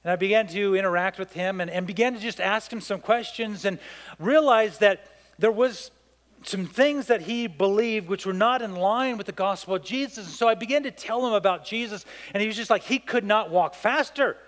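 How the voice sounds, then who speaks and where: A man's voice: high voice, normal speed, a bit bright, in a large hall. A man preaching a sermon as pastor, telling a story and acting out the voices of the people in it with emphasis.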